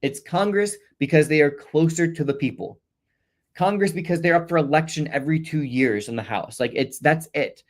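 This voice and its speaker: A man's voice: fairly high pitch, normal speed. A middle-aged man teaching on a livestream, reading questions from chat and answering in an earnest way, often repeating his points for emphasis.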